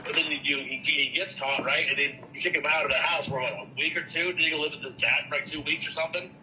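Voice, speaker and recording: A man's voice: on the high side, quick pace, sharp tone, a little hiss or hum. A man chatting casually on a phone call, saying bro and right a lot.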